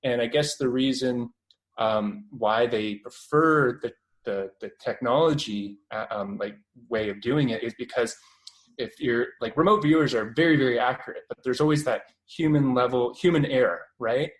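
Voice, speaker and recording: A man's voice: medium pitch, normal speed, rough recording. A Canadian man in his twenties talks as an interview guest. His voice sits mid-range, and he rambles casually, filling gaps with "um" and "like" and often restarting his sentences. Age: 20s. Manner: rambling, many fillers and restarts.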